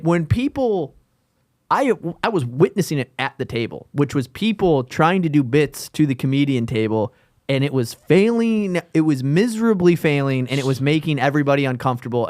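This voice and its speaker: A man's voice: medium pitch, expressive, brisk, a little mellow, dry recording, studio quality. A man co-hosting a comedy podcast in casual chat, telling rambling, profane stories with many restarts. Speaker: podcast co-host.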